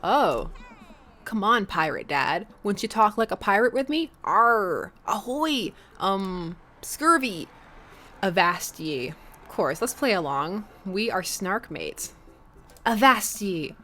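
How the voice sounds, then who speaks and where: A woman's voice: mid-range voice, very animated, takes it slowly, a bit bright. A woman chatting and joking as she plays a dating game, reading narration aloud. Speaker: streamer. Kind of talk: let's play commentary and reading game text.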